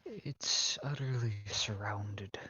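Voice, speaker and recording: A hesitant young apprentice mage who drawls his words slow and breathy, voiced by a game master. The tone is bright and dry, the audio dull and lo-fi. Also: mid-range voice, dry recording, voice pushed up.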